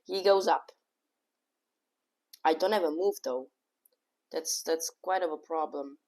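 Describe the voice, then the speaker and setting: A woman with a somewhat low voice talks through her own chess game as she plays it. She thinks aloud move by move in casual slang, quick to exclaim and quick to call her own play horrible. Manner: excitable, self-critical, thinks aloud move by move; casual slang, says "bro" and "oh my god". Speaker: chess streamer.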